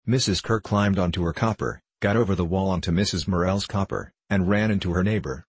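A man narrating an audiobook novel in a measured, even reading. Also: low voice, breathy edge, dry recording. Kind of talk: scripted narration.

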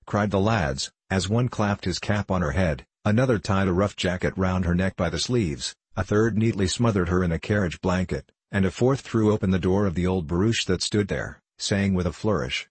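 A man narrating a classic novel in a measured storytelling manner. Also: deep voice, husky, no room sound. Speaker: audiobook narrator.

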